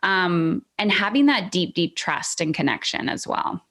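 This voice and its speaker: A woman's voice: fairly low pitch, animated, unhurried, fairly bright tone. A woman hosting a podcast, asking questions in a reflective, encouraging way with frequent "like" and "um". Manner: reflective, encouraging, many fillers like "like" and "um". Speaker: podcast host. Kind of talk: casual podcast interview.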